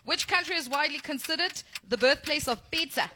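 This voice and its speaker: A woman's voice: sits high, a little fast, sharp tone, slight background noise. A South African woman co-hosting morning radio, bubbly and teasing as she greets callers and asks quiz questions. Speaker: radio co-host. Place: radio studio.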